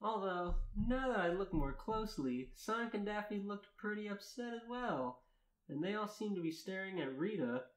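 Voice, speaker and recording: A man's voice: high-pitched, expressive, moderate pace. Male podcast host, mock-dramatic fanfic reader, echoey space. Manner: earnest mock-dramatic reading, laughing breaks. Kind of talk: comic dramatic reading of fan fiction. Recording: roomy echo.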